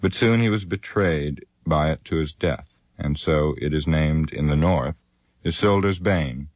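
A man voicing an ancient, sorrowful elf lord who speaks gravely and solemnly in an audiobook reading. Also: very deep voice, a little slow, a little mellow, no room sound.

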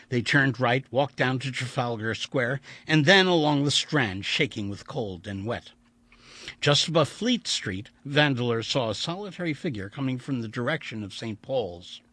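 A man reading a story aloud in an expressive, vivid storytelling way. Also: mid-range voice, slightly rough, no room sound. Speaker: audiobook narrator. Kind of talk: dramatic audiobook reading.

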